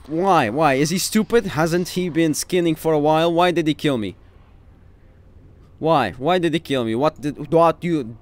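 A man's voice: fairly high pitch, darkish tone. Irritated man ranting over gameplay. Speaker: gaming YouTuber. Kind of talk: gameplay commentary.

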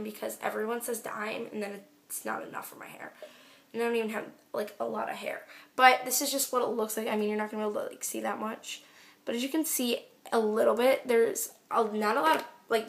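A woman's voice: a little high, gravelly, a bit bright. A teenage girl chatting casually through her hair care products, rambling with lots of fillers. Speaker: beauty vlogger. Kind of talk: casual product review vlog.

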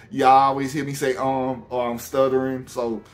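Halting Southern man from Alabama. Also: medium pitch, flat delivery. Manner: halting, many ums and restarts, says man often. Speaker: YouTuber. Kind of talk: casual talk to camera.

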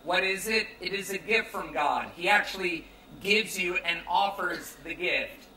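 A man's voice: high voice, a little slow, bright, forceful tone, roomy sound, far from the mic, a little hiss or hum, poor audio. A young American man preaching a youth sermon in a casual, joking, conversational way. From United States. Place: large tent at a campground.

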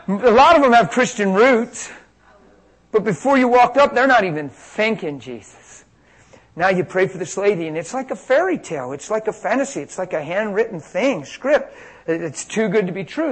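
A man preaching a sermon on healing, telling stories with animated energy and acting out the quotes. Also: fairly high pitch, low-quality recording.

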